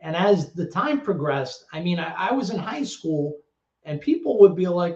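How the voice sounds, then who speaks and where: Animated New man, echoey room. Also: sits high, moderate pace. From the Bronx, New York. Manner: animated storyteller acting out voices, swears freely. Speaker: guest, former actor and DJ. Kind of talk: casual storytelling interview. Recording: echoey room, dull lo-fi sound.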